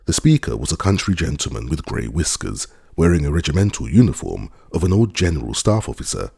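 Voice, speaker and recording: A male audiobook narrator with a very deep, husky voice and an expressive, lively delivery. The sound is close and dry. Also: dry recording. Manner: expressive, measured reading. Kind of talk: scripted narration.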